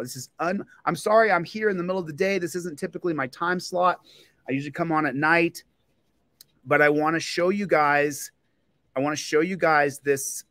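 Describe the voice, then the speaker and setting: A man's voice: a little high, fairly bright tone, dry recording, clean studio sound. A man hosting a livestream, ranting angrily and repetitively at a police department, fired up and confrontational. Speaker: livestream host and police auditor. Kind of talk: angry livestream rant.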